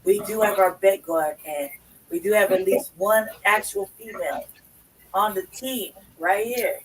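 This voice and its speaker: A man's voice: high-pitched, a little slow, breathy edge, far from the mic, low-quality recording. A man co-hosting a casual podcast chat, cursing and boasting brashly. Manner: brash, profane, boastful banter. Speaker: podcast co-host.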